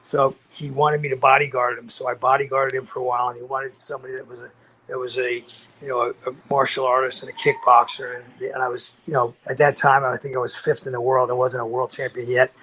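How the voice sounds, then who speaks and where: A man's voice: medium pitch, fast talker, a little hiss or hum, low-quality recording. Older male podcast guest, casual raconteur; rambles, restarts, voices the people in his story. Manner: rambling, animated storytelling with acted-out quotes; frequent restarts and fillers.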